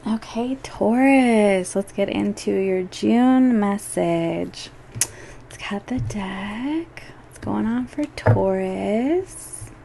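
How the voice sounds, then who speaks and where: Slow, chatty woman reading tarot. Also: mid-range voice, vocal fry, mellow, slight background noise. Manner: chatty, filler-heavy, addresses the listener directly. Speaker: tarot reader. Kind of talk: casual monthly tarot reading.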